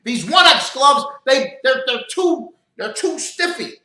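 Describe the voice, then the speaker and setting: Man voicing a high, nasal-free whiner, stammering complaints, roomy echo. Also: very animated, measured pace, bright, forceful tone, recorded from a distance, heavily acted. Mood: whiny. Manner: whining, stammering. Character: whiny complaining man asking for gloves.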